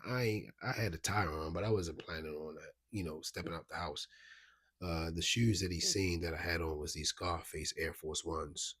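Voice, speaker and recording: Deep husky man. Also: fairly bright tone. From Baltimore, USA. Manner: rambling, restarts, frequent "you know what I mean". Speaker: vlogger. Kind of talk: casual storytelling to camera.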